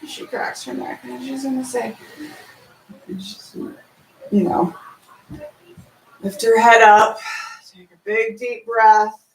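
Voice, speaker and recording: Here is a woman walking through the songs of her musical. She talks in a high voice and jumps into sung and chanted lines as she goes. The voice sits back from the mic in an echoey room. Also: steady tone, slow pace, gravelly, long pauses, distant mic, slight background noise. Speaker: songwriter pitching a musical. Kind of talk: casual pitch, half-sung lyrics. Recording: roomy, from off mic.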